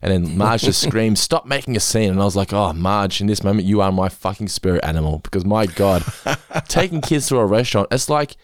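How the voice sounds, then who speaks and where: Podcast host, male, low and animated, profane and chatty, dry sound. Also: fairly quick, no room sound. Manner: profane, animated storytelling with laughter. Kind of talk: casual chat.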